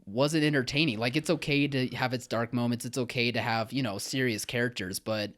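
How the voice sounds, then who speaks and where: A man's voice: medium pitch, steady tone, a little fast, a bit bright. A man co-hosting a podcast, giving a film review in casual chat, earnest and hesitant with frequent restarts.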